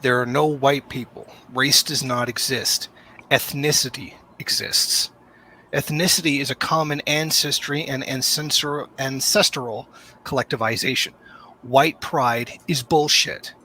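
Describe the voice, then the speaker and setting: A man's voice: medium pitch, steady tone, measured pace, sharp tone. A man in a played clip making a firm, lecturing political statement.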